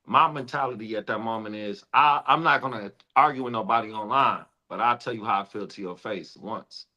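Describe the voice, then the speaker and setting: A man who works as a comedian, talking in an earnest, fast, street-smart way in a casual chat. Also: fairly low pitch, sharp tone, lo-fi sound. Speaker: comedian guest.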